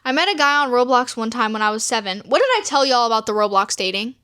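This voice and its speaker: A woman's voice: a little high, lively intonation, fast talker, sharp tone, clean tone, dry recording, clean studio sound, faint music behind. A woman vlogger reading viewer dating stories aloud and reacting, swearing freely and laughing often. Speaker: storytime vlogger.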